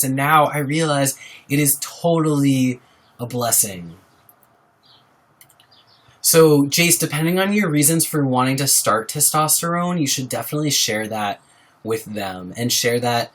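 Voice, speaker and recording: A man's voice: a little high, unhurried, fairly bright tone. A young man hosting a casual livestream, talking earnestly and supportively to his viewers and reading out their names. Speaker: livestream host. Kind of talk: casual live-stream chat with viewers.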